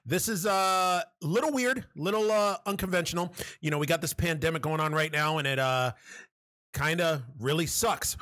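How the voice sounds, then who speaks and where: A man hosting a podcast in a loose, joking chat, full of fillers and asides. His voice sits a little high for a man. The sound is dry and close, with no room around it. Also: moderate pace, fairly bright tone, dry recording. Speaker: podcast host.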